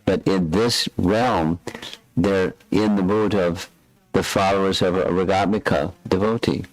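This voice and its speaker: Man, very low voice, spiritual teacher, scripture class Q&A, halting repeated words. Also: fairly even intonation, dry recording, rough recording. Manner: halting, repeats words while searching for phrasing. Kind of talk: answering questions in a scripture class.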